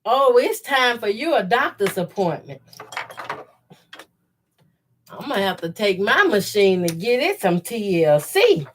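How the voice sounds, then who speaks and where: A woman's voice: mid-range voice, big pitch swings, normal speed, a little hiss or hum. A middle-aged woman hosting a sewing livestream, chatting casually and laughing often, her voice congested from her sinuses. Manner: chatty, laughs often, reads viewer comments aloud. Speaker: quilting sew-along host. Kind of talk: casual chat while sewing.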